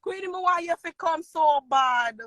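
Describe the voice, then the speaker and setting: A woman's voice: very high-pitched, normal speed, shouting, heavy background noise. A Jamaican woman, a fan calling into a live stream on her phone, gushing and pleading and repeating herself.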